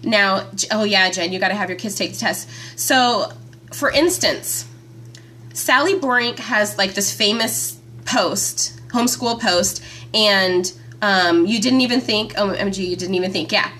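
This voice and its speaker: A woman hosting a live stream from her phone, chatting with viewers by name in a chatty, excitable way. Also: mid-range voice, unhurried. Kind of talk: casual live-stream chat.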